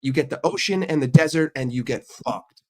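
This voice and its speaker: Hosting his channel, a young adult man from the United States goes on a casual, profanity-heavy rant with a brash attitude. He speaks at normal speed in a medium-pitched voice with a darkish tone.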